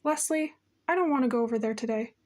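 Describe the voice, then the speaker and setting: A woman's voice: on the high side, quick pace, lightly acted. A woman voicing a shy, timid rural schoolboy in an audiobook reading, with a hesitant, stammering manner.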